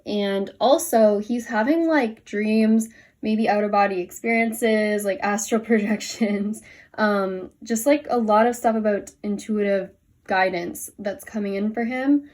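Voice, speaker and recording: A woman's voice: mid-range voice, measured pace, darkish tone. Chatty young woman reading tarot. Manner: chatty, many "like" and "um" fillers, laughs at herself. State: a bit out of breath. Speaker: tarot reader. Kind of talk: casual tarot reading to camera. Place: home room, kneeling over cards on the floor.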